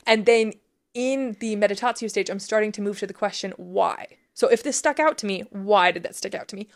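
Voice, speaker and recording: A woman's voice: mid-range voice, a little fast. A woman co-hosting a casual faith podcast, explaining step by step in an earnest, chatty way full of "like"s. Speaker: podcast co-host teaching prayer practice.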